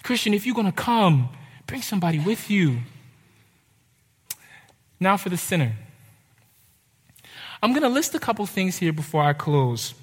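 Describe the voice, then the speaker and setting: A young man preaching a sermon, urgent and impassioned, with dramatic pauses. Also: sits high, very animated, breathy edge. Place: church hall. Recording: reverberant hall.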